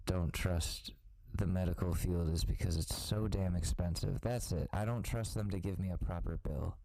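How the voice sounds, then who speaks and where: Man, podcast co-host, very low voice, dry close sound, joking, casual chat. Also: moderate pace, gravelly, dark tone, dry recording, rough recording. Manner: joking, riffing with absurd bits.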